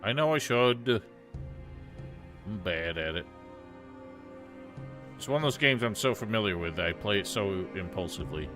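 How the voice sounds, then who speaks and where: A man streaming a game, giving casual, sarcastic commentary with sudden loud outbursts. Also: lowish voice, expressive, normal speed, long pauses, music in the background.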